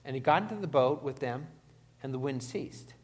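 A man delivers a sermon from the pulpit at an ordinary male pitch. He stresses key words and keeps asking the congregation questions. His voice carries the long reverb of a large church hall. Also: lively intonation, moderate pace, darkish tone. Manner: emphatic, asks the congregation questions. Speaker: pastor.

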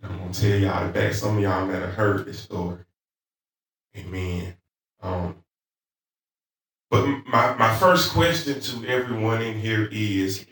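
A man with a Southern accent preaching a sermon in church, starting soft and halting with frequent pauses and rising to loud, fervent calls. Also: on the low side. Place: church sanctuary. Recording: echoey church sanctuary, mic at a distance.

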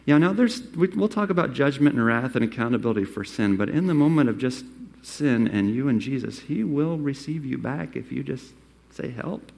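Man, pastor, sermon, medium pitch, acts out quotes, loud then hushed. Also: lively intonation, a little fast, creaky.

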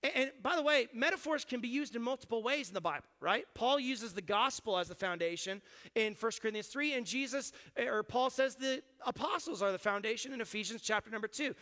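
A male pastor delivers a sermon in a conversational, explaining manner, often checking in with his listeners. His voice sits very high and rings bright and sharp. It carries a long reverb tail from a church hall. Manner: conversational preaching, explains and asks the congregation. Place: church sanctuary.

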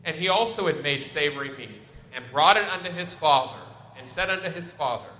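A man preaches a sermon with a bright voice. He reads scripture aloud and then explains it in plain talk. The room sounds echoey, with faint noise behind him. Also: fairly high pitch, expressive, brisk. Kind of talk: expository sermon.

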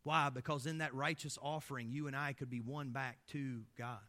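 A man preaching a sermon as pastor, impassioned, asking many rhetorical questions and swinging between loud emphasis and hushed low passages. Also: fairly even intonation, moderate pace. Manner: impassioned, full of rhetorical questions, swelling and dropping in loudness.

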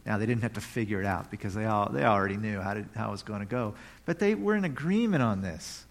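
Preaching in a relaxed, conversational manner, this pastor has a middle-pitched, expressive voice and talks a little fast. Between readings of scripture, he occasionally lets out a loud, joyful cry.

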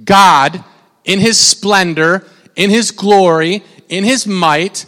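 A young man with a high voice preaches a casual sermon in an animated, rambling way, often restarting and interrupting himself. His voice rings out with a long reverb, as if he is in a large hall. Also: slow. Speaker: pastor.

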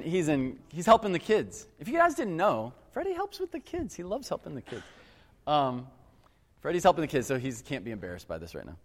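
A fairly high-voiced man preaching in an earnest, animated way and weaving a personal story into his sermon. His voice rings out with a long reverb, as if he is filling a large church hall. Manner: earnest, animated storyteller who addresses the crowd as guys. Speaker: pastor.

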